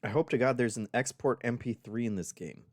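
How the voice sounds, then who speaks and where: A man's voice: medium pitch, brisk, background noise. A man streaming game demos, chatting casually and reacting as he plays. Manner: chatty, reads on-screen text aloud and reacts. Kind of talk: casual live-stream commentary. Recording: game music playing underneath. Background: game music.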